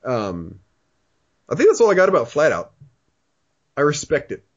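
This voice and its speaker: A man's voice: on the high side, wildly swooping pitch, normal speed, highs cut off. Laid-back rambling man hosting a podcast. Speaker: podcast host. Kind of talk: casual podcast chat.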